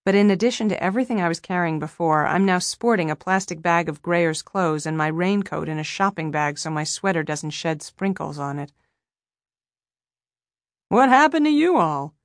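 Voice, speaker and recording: Young woman reading an audiobook, lowish voice, wry and even, dry close mic. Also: a little fast, hardly any pauses, no room sound. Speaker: audiobook narrator. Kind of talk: first-person audiobook narration.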